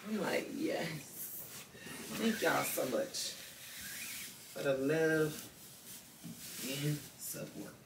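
A woman's voice: extremely slow, creaky, pauses often, roomy sound, recorded from a distance, background noise. A young woman vlogging casually at home, chatting about her room and later cooing at her dog. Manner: chatty, talks baby talk to her dog in a high voice. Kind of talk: casual vlog chat.

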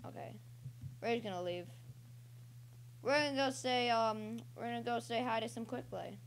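A young woman casually commentating her own online gameplay as a channel host, rambling and breaking into excited yelps and cheers. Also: fairly high pitch, normal speed, slight background noise.

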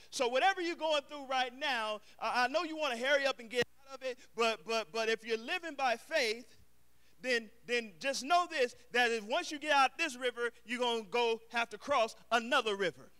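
A middle-aged man preaches a sermon to his congregation in a very high, bright, tense voice that rises to shouted emphasis. His tone is smooth and clear. He slips easily into casual street slang between his calls to the church. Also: moderate pace. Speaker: pastor.

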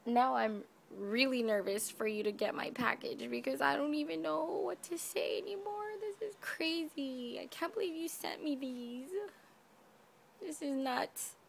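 A woman's voice: high voice, a little slow, gravelly, slight background noise. A woman craft vlogger gushing over gifts in a casual unboxing video, addressing her viewers directly. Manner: gushing, effusive, talks to viewers.

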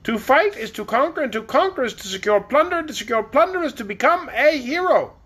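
A man voicing a shrill, self-important queen who leads a tiny army in a storybook reading. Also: expressive, fairly quick, bright, forceful tone, husky, exaggerated voice. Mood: grandly boastful. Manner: grandly boastful.

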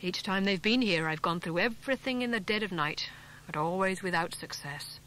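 A woman's voice: fairly low pitch, fairly bright tone, lightly acted, low-quality recording. Woman reading a stern, grim farmer. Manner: stern and deliberate. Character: grim, big bearded farmer.

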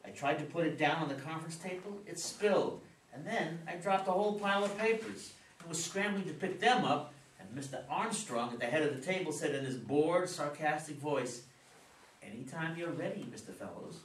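A man reading the part of a gentle middle-aged father in a reader's theater play, with a soothing, reassuring way of talking. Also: fairly high pitch, brisk, close to an everyday voice. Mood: consoling. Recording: echoey room, mic far off, some hiss.

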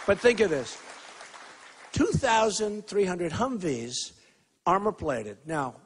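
An older man giving a campaign rally speech, repeating himself and swinging between loud shouts and low asides. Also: slightly rough. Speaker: political candidate at a rally. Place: school gym hall with a crowd.

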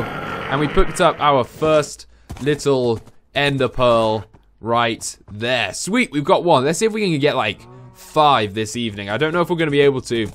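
A young man chatting through his own gameplay as the channel host, rambling calmly between sudden high-pitched yelps when startled. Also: moderate pace. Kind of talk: let's-play gameplay commentary.

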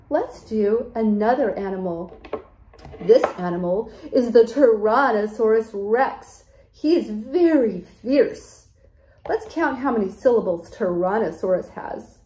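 Woman children's teacher, lively sing-song delivery, slow and over-enunciated, roomy echoey recording. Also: mid-range voice. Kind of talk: children's lesson.

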